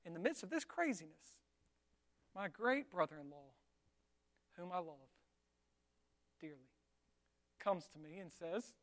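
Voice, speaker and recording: A man preaches a sermon in an easy, conversational way. He keeps checking in with his congregation with quick rhetorical tags and tells stories with lively energy. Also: high voice. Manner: conversational, with frequent rhetorical tags and animated retellings. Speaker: pastor.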